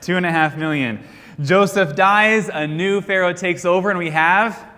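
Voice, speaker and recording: An American man with a high, bright, forceful voice teaches a Sunday school class at a moderate pace in a church classroom. He reviews Bible history by quizzing the class, leaving each sentence hanging for them to finish, and a long hall reverb fills the recording.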